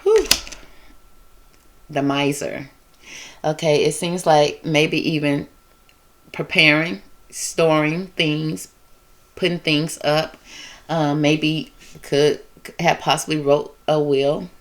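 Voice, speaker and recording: A woman's voice: deep voice, fairly even intonation. A woman giving a casual tarot reading, talking in a loose, emotive, repetitive way with features. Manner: conversational, repetitive, emotive, drawn-out phrasing. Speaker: tarot reader.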